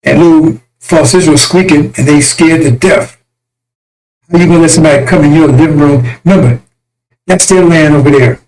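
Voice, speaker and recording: A man's voice: fairly high pitch, fairly quick, a little mellow, low-quality recording. A man delivering an impassioned religious rant as a self-styled messenger, fiery, crude and mocking.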